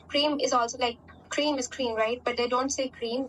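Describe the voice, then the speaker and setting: A young Pakistani woman, a native Urdu speaker, answers interview questions in English with a Pakistani accent, chatting away with lots of fillers and "right?" tags. Her voice is high and a bit bright, with a steady tone at normal speed. The mic sits at a distance and picks up a faint background hum.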